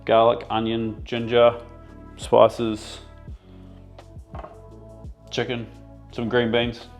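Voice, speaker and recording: Gravelly-voiced man chatting while cooking. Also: medium pitch, very slow, faint music behind. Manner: relaxed, explains as he cooks. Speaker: home cook and co-host. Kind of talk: casual cooking chat. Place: home kitchen.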